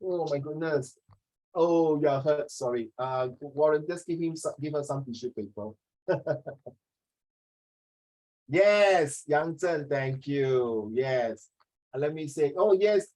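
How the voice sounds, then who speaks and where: A man teaching an online English class over a video call, talking fast and jokingly, often ending his sentences with "ah" and "okay". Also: on the high side, lively intonation, a little mellow, rough recording.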